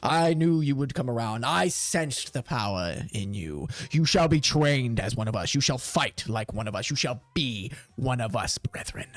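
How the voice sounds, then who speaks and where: A man voicing a broad-shouldered, booming male high commander of zealot warriors, with hearty laughs and grand archaic speech. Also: expressive, moderate pace, hardly any pauses, dry recording, natural voice. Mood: commanding.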